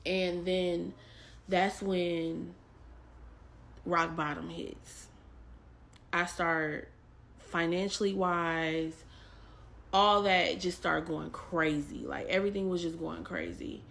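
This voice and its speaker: A woman's voice: lowish voice, fairly even intonation, slow, creaky, pauses often, fairly bright tone. A woman from Texas telling a personal faith testimony in a rambling, casual way, with many fillers and repeated phrases. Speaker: vlogger.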